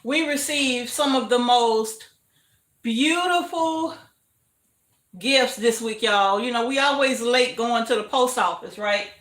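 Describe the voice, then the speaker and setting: A woman's voice: a little high, takes it slowly, fairly bright tone, roomy sound. An older woman hosting a casual livestream from her home kitchen, chatting and greeting viewers with frequent laughter. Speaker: homestead livestream host.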